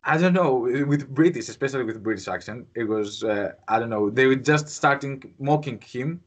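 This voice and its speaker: A man's voice: medium pitch, animated, normal speed. Greek man chatting, hesitant. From Greece. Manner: rambling, hesitant, many fillers. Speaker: host. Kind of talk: casual interview chat.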